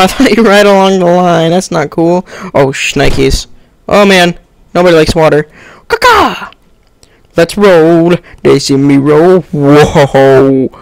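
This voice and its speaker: A young man on a headset giving excitable let's-play commentary, yelping and laughing as he plays. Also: a little high, dry recording. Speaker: gamer.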